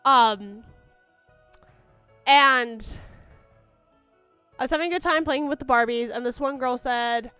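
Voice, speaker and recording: A woman's voice: sits high, takes it slowly, pauses often, bright, forceful tone, clean tone, dry recording, faint music behind. A young woman streamer chatting casually with her viewers, rambling with lots of fillers and restarts. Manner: baby-talk to her dog.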